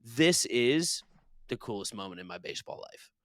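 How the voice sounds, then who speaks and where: A man co-hosting a sports podcast, animated and profane, often acting out what others say. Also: mid-range voice, moderate pace, no room sound. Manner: animated, profane, quotes people in voices. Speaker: podcast co-host. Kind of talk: excited casual chat.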